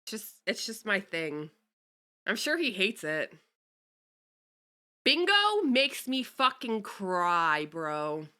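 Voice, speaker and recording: A woman's voice: mid-range voice, very animated, slow pace, long pauses, sharp tone. A young woman streamer chatting casually with her viewers, greeting them and cursing offhandedly. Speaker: VTuber streamer. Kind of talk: casual livestream chat.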